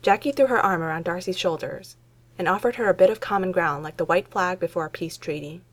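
A woman reading fan fiction aloud in a wry, relaxed storytelling manner. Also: fairly low pitch, a little fast. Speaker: reader.

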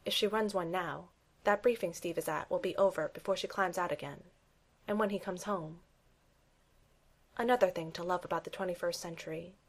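A woman narrating a story in a steady, wry reading voice. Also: fairly low pitch. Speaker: reader.

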